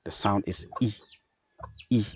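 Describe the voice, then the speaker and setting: A man, a pastor, patiently explaining vowel sounds and repeating each example word slowly. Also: low voice, a little mellow, breathy edge. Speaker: pastor and language teacher.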